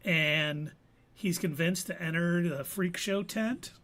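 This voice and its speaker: An adult veteran co-hosts a casual live podcast show, recapping an episode with playful puns. His voice is high and a bit bright, and he takes it slowly.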